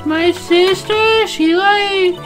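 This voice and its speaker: Cast: a woman as an airy valley-girl witness, squeaky high, slow and drawn out, music bed beneath. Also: exaggerated voice. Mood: spacey. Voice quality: very high, breathy-sweet voice. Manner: valley-girl talk, "like" in every phrase. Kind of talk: fan dub of a game.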